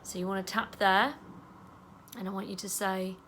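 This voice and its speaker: A woman leading an EFT tapping session in a casual, chatty way, saying the affirmations softly and trailing off into a whisper. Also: mid-range voice, flat delivery, normal speed, a little hiss or hum. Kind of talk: guided tapping instruction.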